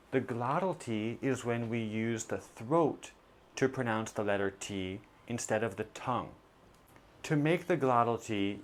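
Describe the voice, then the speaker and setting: Male teacher, mid-pitched, unhurried delivery, carefully models each sound for learners. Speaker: pronunciation teacher. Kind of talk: English pronunciation lesson.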